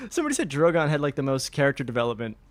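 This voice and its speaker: A man co-hosting a casual podcast chat, rambling and animated, acting out characters in quick asides. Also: fairly high pitch, no echo. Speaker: podcast co-host.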